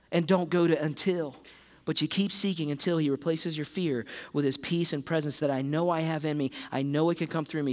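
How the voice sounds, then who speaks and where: A middle-aged man preaching with a high, bright-toned voice. He is animated and lively, slipping into quick character voices for the people in the story, then dropping to a softer, lower register for the tender parts. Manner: animated, plays disciples and Jesus in quick voices. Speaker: pastor. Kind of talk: sermon.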